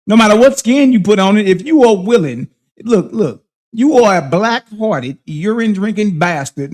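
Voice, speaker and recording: A man's voice: sits high, darkish tone. A man hosting a livestream, preaching and confronting his critics in heated, slang-heavy commentary. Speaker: livestream host.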